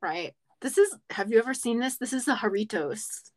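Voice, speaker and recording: A woman's voice: fairly high pitch, expressive, moderate pace. A woman co-hosting a podcast in casual chat, playful and joking, laughing often. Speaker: podcast co-host.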